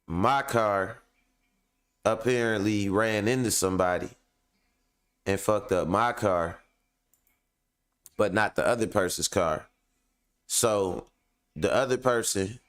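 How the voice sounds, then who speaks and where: Man, low voice, smooth and resonant, casual venting monologue, rambling, profane, talks straight to viewers. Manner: heavy fillers, addresses viewers directly. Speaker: online show host.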